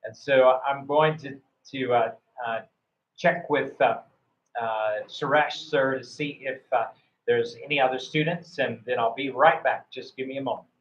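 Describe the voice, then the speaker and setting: A man with a mid-range voice, steady tone and measured pace teaches English online, running a mock speaking test. He's encouraging but full of fillers and restarts, and the audio is roomy, dull and lo-fi.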